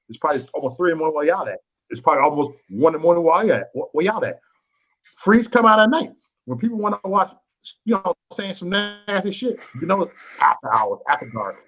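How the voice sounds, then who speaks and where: A man hosts a late-night livestream in a crude, boastful and petty way. His voice is husky and swoops up and down a lot, and he keeps repeating his phrases. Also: fairly high pitch, a bit bright, poor audio. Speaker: livestream host.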